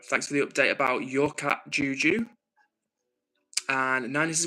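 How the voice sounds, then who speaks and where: Bright-voiced man streaming. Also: medium pitch, fairly even intonation, unhurried, poor audio. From north of England. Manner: earnest, thinks aloud with frequent ums and restarts. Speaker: livestream host. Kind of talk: casual livestream chat, reading out viewer messages.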